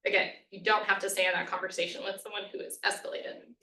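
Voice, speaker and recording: Quick-paced and sharp, with a level medium-pitched voice, a woman runs a conversational lunch-and-learn workshop in a college meeting room, peppering it with "right?" and "um" and acting out sample phrases. Slight background noise, echo, and some distance from the mic mark the recording.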